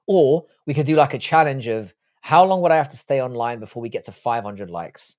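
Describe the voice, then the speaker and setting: This man runs a casual live stream, reading chat messages and replying with cursing, loose talk. His medium-pitched, darkish voice is brisk and lively in intonation, with few pauses.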